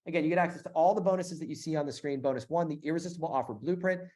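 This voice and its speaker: A middle-aged man hosting a live sales webinar, pitching emphatically with repeated phrases and frequent fillers. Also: very fast, warm tone. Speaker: webinar host selling a business bootcamp.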